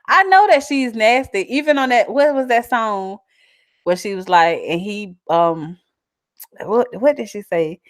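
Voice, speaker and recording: A woman's voice: mid-range voice, lively intonation, moderate pace, no echo, clean studio sound. A woman with a South Carolina country twang, chatting casually and animatedly as she reads out viewer comments and laughs often. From South Carolina, USA. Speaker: vlogger.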